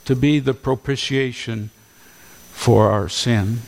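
A man preaching a sermon at a slow, deliberate pace, leaning hard on repeated words. His voice sits a little high for a man and rings with a long hall reverb. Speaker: pastor.

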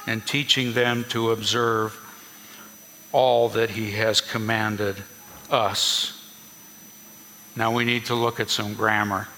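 Slow bright-voiced preacher in a hall. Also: male voice, mid-range voice, a little hiss or hum. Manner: earnest teaching preacher, emphatic repetition. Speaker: pastor. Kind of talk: sermon.

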